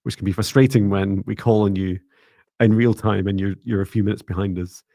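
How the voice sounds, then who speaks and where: Gravelly-voiced man hosting a psychic livestream. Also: fairly low pitch, fairly even intonation, fairly quick, warm tone, no echo, clean studio sound. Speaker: psychic reader, livestream co-host. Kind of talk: live-stream psychic reading.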